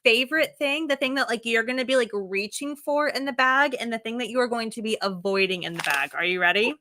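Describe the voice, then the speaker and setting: Giggly high-voiced young woman chatting. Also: brisk, background noise. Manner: giggly, playful, says "like" often. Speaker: host. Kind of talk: casual chat while sewing.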